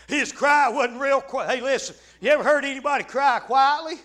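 Man, revival preacher, very high pitch, fervent shouting sermon. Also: normal speed. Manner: fervent, punctuated by frequent amens, bursts into shouts.

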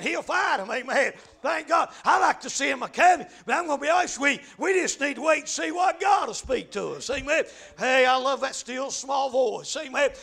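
A man preaching a fervent sermon, punctuating lines with "amen" and shouting in bursts. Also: extremely high pitch, vocal fry.

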